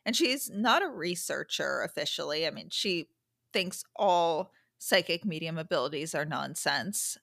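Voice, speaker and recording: A woman's voice: deep voice, expressive, a little slow, creaky, fairly bright tone, dry recording. Female podcast host, conversational and frank, dry close recording. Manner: chatty, candid, self-correcting asides. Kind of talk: casual podcast monologue. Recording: dry close-mic sound.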